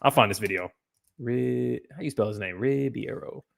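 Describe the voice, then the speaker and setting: A man's voice: medium pitch, normal speed, gravelly. A man hosting a livestream podcast, talking casually in a loose, profane, rambling way with frequent restarts. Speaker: podcast host.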